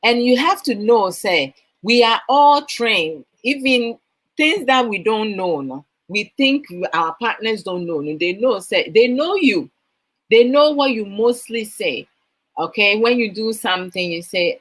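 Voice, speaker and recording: A woman's voice: on the high side, lively intonation, measured pace, poor audio. A woman with a Ghanaian accent, probably in her thirties, hosting a motivational talk. She asks her listeners questions as she talks and mixes in Twi phrases. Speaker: host.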